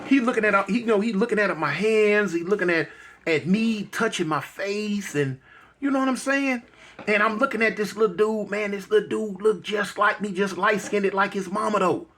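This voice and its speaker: A middle-aged man telling a personal story in a halting, moved way, repeating words and leaning on fillers. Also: a little high. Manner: soft-spoken and moved. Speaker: guest telling his life story.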